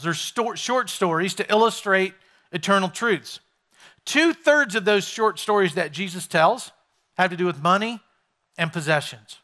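A male pastor delivers a sermon with a raised, ringing voice. He talks to the congregation as if chatting with them, tossing out questions along the way. His tone stays bright and clear. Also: sits high. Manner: conversational, asks the congregation questions.

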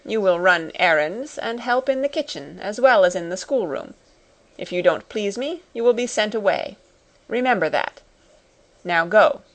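A woman's voice: mid-range voice, lively intonation, moderate pace, close to an everyday voice. A woman reading the part of a stern, domineering schoolmistress in a storybook, with a cold, commanding, scolding manner.

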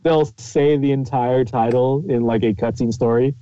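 A man's voice: mid-range voice, fairly even intonation, normal speed, warm tone, dry recording, muffled recording. A man co-hosting a podcast in casual chat, mostly giving short interjections and laughing along.

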